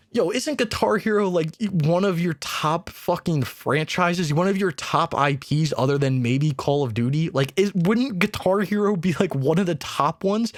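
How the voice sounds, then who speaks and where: A male gaming host in an exasperated casual rant, swearing freely and mocking companies in put-on voices. His voice sits a little high. The sound is dry and close, with no room around it. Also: no echo. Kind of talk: casual ranting commentary.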